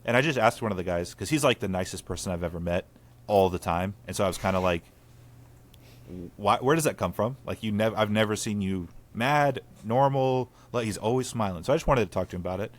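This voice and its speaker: A man's voice: fairly low pitch, a little fast. A man, hosting a casual podcast chat and telling stories earnestly with many "like" fillers. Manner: storytelling, earnest, lots of "like" fillers. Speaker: podcast host.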